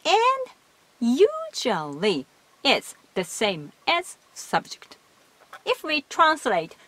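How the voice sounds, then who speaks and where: A woman teaching in English, explaining grammar slowly and patiently. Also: sits high, huge pitch swings, sharp tone. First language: Japanese. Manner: slow, careful, patient explaining. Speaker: language teacher. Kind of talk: explanatory lesson.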